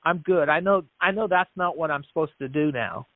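A man speaks as a podcast guest, earnestly narrating a story and slipping into the voices of the people in it, often restarting words as he goes. His voice sits a little high for a man. The audio comes through a narrow, tinny, phone-like line with a completely dry sound. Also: a little fast, no room sound. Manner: earnest storyteller who acts out quoted dialogue; frequent restarts and repeated words. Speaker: podcast guest, business founder. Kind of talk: storytelling in an interview.

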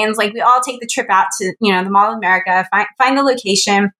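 Podcast guest, woman, bright and animated, recorded in an echoey room. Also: fast talker, hardly any pauses. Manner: animated storyteller, acts out quotes in a high voice. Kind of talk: casual podcast chat.

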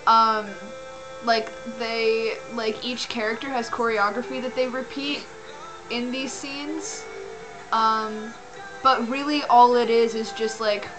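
A woman's voice: fairly high pitch, steady tone, slow, low-quality recording. A woman co-hosting a podcast, chatting casually about a film, with mock-serious irony and frequent laughs. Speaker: podcast co-host. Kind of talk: casual chat reacting to a film. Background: film music playing.

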